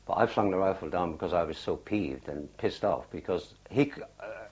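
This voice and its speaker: An older man with a very low, husky voice recalls his wartime days in an oral history interview. He tells it haltingly, circling back with fillers and restarts. The recording is dull and lo-fi, like an old archive tape. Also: darkish tone. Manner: halting, unhurried storytelling with many fillers and restarts. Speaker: war veteran interviewee.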